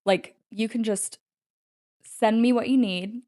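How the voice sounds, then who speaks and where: A woman's voice: on the high side, steady tone, slow pace, warm tone, no echo, clean studio sound. A woman appearing as a guest on a podcast and chatting casually, eager and upbeat. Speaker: podcast guest, executive assistant.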